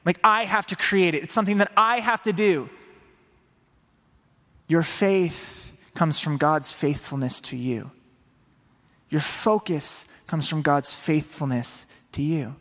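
A man delivers a sermon with an earnest, conversational manner. His voice sits a little high for a man. It carries a long hall reverb, as in a church sanctuary. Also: slow, a bit bright. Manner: earnest, voices Peter's inner plea in a raised pleading tone. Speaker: preacher.

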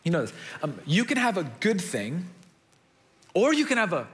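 A young man preaching a sermon, telling stories in an animated way and repeating words as he builds a point. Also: high-pitched, moderate pace. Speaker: pastor.

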